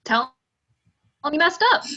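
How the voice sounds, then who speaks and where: A woman's voice: high-pitched, unhurried, bright, forceful tone, dull audio. A woman reading the part of a smug banker who sells bonds, speaking in a breezy, dismissive way over a video call.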